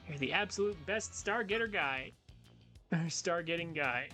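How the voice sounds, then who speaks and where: A man with a fairly high voice giving casual, playful gameplay commentary. He drops in joking asides, and game music plays steadily underneath. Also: lively intonation, a little slow, bright, forceful tone. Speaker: let's play host. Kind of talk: casual gameplay commentary, reading dialogue aloud. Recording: game music playing behind.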